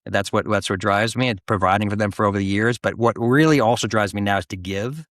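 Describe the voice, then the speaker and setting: Chatty middle-aged man with a low voice. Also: quick pace, dry recording, studio quality. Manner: animated, restarts often, acts out quoted voices. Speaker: guest, business founder. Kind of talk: casual interview storytelling.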